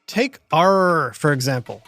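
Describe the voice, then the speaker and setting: Lively high-voiced male narrator. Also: measured pace, dry recording. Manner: playful, theatrical storytelling. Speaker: host and narrator. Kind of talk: scripted narration for children. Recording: music playing under the voice.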